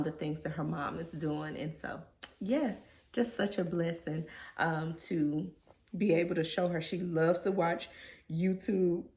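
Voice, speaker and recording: A woman in a heartfelt, casual vlog. Her voice sits a little low, and she sounds emotional and sincere. The recording has a noticeable room echo. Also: darkish tone. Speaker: vlogger. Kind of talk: reflective personal vlog.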